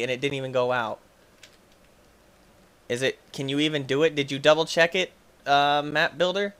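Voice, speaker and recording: A gaming YouTuber, a young man with a voice on the high side, gives let's play commentary. He's excitable and quick to frustration, yelling at the game between chatty asides to viewers.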